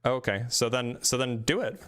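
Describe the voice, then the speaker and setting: A man hosting a live debate stream, talking casually and quickly, often restarting his sentences in a self-deprecating way. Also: mid-range voice, expressive, a bit bright, smooth.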